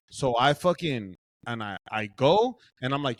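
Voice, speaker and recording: Young dude on a podcast, swearing nonstop, ranting his story, mid-pitch voice. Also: moderate pace. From Southern California. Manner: profane, animated storytelling, quotes himself. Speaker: podcast co-host. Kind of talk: casual storytelling.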